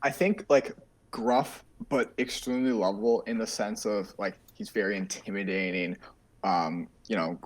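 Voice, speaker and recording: A man's voice: on the low side, steady tone, normal speed. A man on a casual podcast, laid back, spinning out ideas with many "like"s. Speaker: podcast co-host. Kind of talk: casual brainstorming chat.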